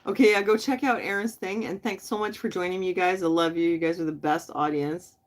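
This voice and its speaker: A woman's voice: fairly low pitch, steady tone, brisk. Chatty woman hosting a late-night livestream. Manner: chatty, talks straight to viewers in the chat; laughs often, loose and friendly. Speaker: livestream host.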